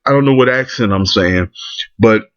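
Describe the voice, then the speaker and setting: A man's voice: fairly low pitch, moderate pace. A man ranting in commentary, blunt and profane, restarting his sentences often. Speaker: vlogger. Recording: dull lo-fi recording.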